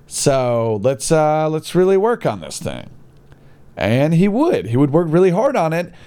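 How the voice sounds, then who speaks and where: A young man telling a personal story in a casual monologue, blunt and swearing freely, swinging between high exclamations and low mutters. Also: wildly swooping pitch, unhurried, mellow, clear, resonant tone.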